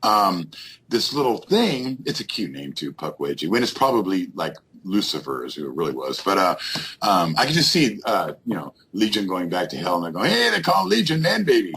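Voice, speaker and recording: A man's voice: low-pitched, sing-song, normal speed, fairly bright tone, a little hiss or hum. A man, a guest on a radio show, telling a rambling ghost-hunting story full of fillers and restarts. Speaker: guest paranormal investigator.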